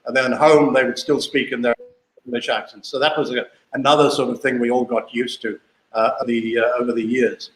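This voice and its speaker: A man's voice: mid-range voice, little pitch movement, a little fast. Older interview guest from South Africa, man in his sixties, anecdotal and talkative, recorded in a roomy space. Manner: chatty, anecdotal, repeats himself. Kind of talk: casual storytelling interview. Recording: echoey room.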